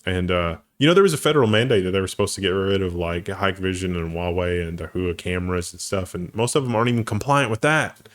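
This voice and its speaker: A man's voice: low-pitched, quick pace. A man co-hosting a casual tech news show, joking, laughing often and slipping into silly voices.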